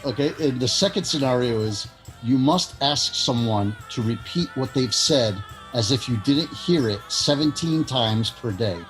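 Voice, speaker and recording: A male podcast co-host whose voice swings up and down with lively intonation. He teases and laughs easily while setting up a game for his guest. Faint music plays beneath him. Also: medium pitch, a little slow, hardly any pauses. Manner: playful and teasing, laughs easily. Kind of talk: casual chat, presenting a game segment.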